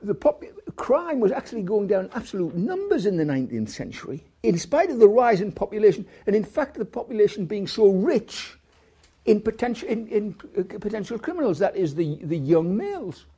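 A man's voice: sits high, very animated, a little fast, dark tone, breathy edge. A man giving a rambling university lecture, full of restarts, stumbles and asides.

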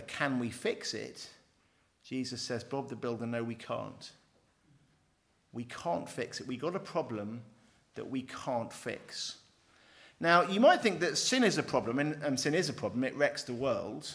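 Wry man teaching theology. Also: mid-range voice. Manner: lively, wry, self-deprecating asides. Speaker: theology lecturer. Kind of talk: teaching with a handout.

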